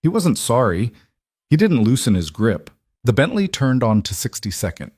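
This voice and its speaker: A man narrating a scripted story in a steady, even storytelling voice. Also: mid-range voice, normal speed, breathy edge, no room sound, clean studio sound.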